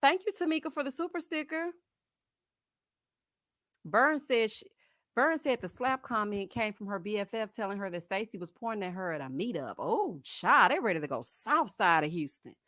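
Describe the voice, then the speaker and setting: A woman hosts a casual live chat and answers viewer comments with lively gossip. She laughs often and uses plenty of slang. Her voice sits in a middle pitch, and it is recorded dry and close to the mic. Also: normal speed, no echo. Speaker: host of a live chat stream.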